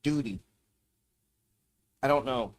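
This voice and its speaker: A man's voice: mid-range voice, slow. A man streaming live, talking to himself as he browses videos, swearing and ranting in a casual, irritated way. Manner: profane, ranting, muttering to himself while browsing.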